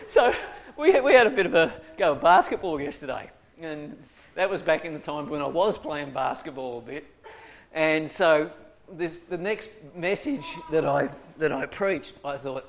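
A man's voice: high voice, sing-song, measured pace, a bit bright. A man preaching a sermon, telling stories animatedly and laughing often. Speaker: preacher, evangelist. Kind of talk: storytelling sermon.

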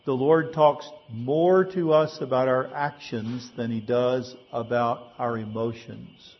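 Husky-voiced male pastor preaching. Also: medium pitch, fairly even intonation, takes it slowly, hardly any pauses, highs cut off. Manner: conversational preaching with rhetorical questions. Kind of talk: sermon.

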